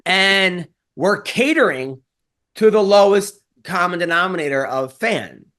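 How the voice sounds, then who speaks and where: High-voiced man in casual rambling chat. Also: expressive, unhurried, a bit bright. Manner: rambling, profane, jokey. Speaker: podcast co-host. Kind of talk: casual podcast chat with ad read.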